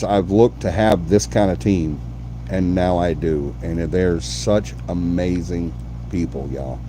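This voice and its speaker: A man's voice: on the low side, dark tone, slight background noise. A man hosting a live paranormal show, chatting effusively with viewers and repeating himself. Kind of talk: casual live-stream chat.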